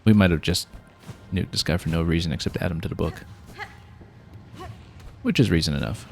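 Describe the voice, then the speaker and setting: A man streams a video game, thinking aloud and planning his next moves with casual fillers in relaxed gameplay commentary. His low, darkish voice has vocal fry and a brisk pace. Soft music plays in the background.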